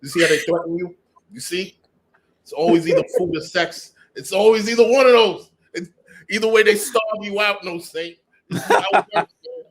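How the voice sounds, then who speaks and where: Man, somewhat high voice, joking, defiant, heavy swearing. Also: moderate pace. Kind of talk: casual group chat.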